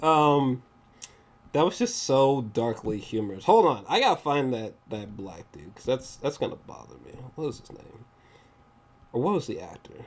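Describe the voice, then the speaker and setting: A man's voice: medium pitch, very animated, normal speed. A man giving a casual, rambling movie review, swearing often and acting out scenes in raised voices. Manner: rambling, swears often, searches for pictures mid-talk.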